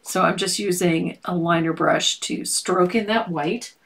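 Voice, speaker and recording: Woman painting instructor, unhurried, lower voice, playful and teasing, live lesson. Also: gravelly, low-quality recording. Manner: playful, teasing, laughs often.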